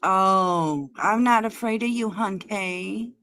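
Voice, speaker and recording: A woman's voice: mid-range voice, slow, a bit bright. A woman hosting a livestream, taunting and cursing at a guest in a heated argument. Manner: taunting, profane, mocking. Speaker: livestream host.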